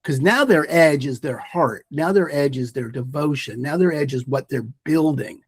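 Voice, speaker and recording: This podcast guest is a mindfulness teacher with a slightly high, husky voice at normal speed. He tells stories emphatically and repeats phrases for effect to drive home his points, in a dry recording.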